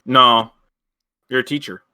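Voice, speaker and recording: A man's voice: mid-range voice, steady tone, unhurried, pushed and bright, clear, resonant tone. A man chatting casually with his tabletop group over a voice call, teasing and laughing a lot. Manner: teasing, laughs often, repeats himself. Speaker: tabletop game player. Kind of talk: casual voice-chat banter.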